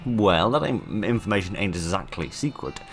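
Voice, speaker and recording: A man's voice: deep voice, sing-song, normal speed, faint music behind. A man reading the lines of a grudging postal clerk in a video game, with a folksy drawl.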